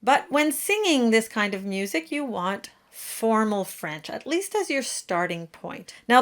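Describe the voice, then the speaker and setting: A woman giving a pronunciation lesson for singers, demonstrating each sound slowly and precisely. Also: on the high side, a bit bright. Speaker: diction teacher. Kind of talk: pronunciation tutorial.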